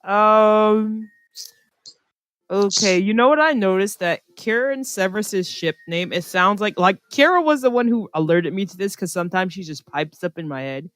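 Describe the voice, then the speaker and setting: A woman's voice: medium pitch, animated, moderate pace, dry recording. Sarcastic Jersey woman podcast host, dry mic. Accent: New Jersey. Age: 20s. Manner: blunt, sarcastic, laughing at herself. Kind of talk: casual chat. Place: online voice chat from home.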